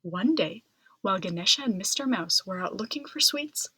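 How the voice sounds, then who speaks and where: A woman reading a children's picture book aloud in an expressive, dramatic way. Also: mid-range voice, normal speed, breathy edge, dry recording. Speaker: storybook reader. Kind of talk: children's storybook read-aloud.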